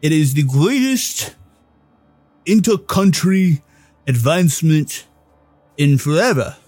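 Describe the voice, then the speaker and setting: A man voicing a proud male warrior priest devoted to martial arts, in a formal, gruff tough-guy drawl during a tabletop game. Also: fairly high pitch, animated, slow pace, darkish tone, no room sound, soft background music, voice pushed up. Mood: boastful. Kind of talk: tabletop game role-play.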